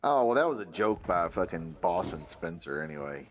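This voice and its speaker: A man's voice: low-pitched, very animated, normal speed, lo-fi sound. A man chatting casually while gaming, rambling through stories and quoting friends. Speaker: streamer.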